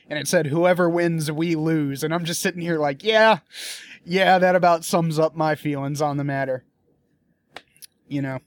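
A man's voice: mid-range voice, a little hiss or hum. A young man giving a casual political rant, blunt and profane, often restarting his sentences as he works through his frustration. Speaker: political commentator.

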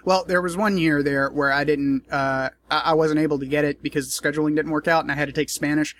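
A man's voice: a little high, steady tone, quick pace, a bit bright. A man in a casual commentary vlog, talking in a rambling, profane, joking way. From United States.

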